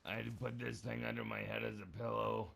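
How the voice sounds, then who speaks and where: A man's voice: lowish voice, level tone, fast, creaky, fairly bright tone, a little hiss or hum. A man streaming a game, chatting casually with other players, joking, teasing and swearing freely.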